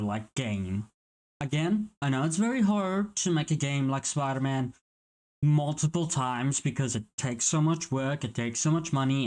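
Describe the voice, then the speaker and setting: A man talks casually over a news clip he's reacting to, his voice a little higher than most. He rambles, loses his thread and swears now and then. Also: a little mellow. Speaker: reaction channel host.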